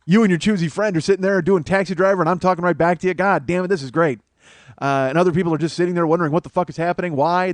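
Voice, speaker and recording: A middle-aged man hosting a solo comedy podcast, rambling and profane, breaking into loud mock voices. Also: sits high, very fast, no echo. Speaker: comedian host.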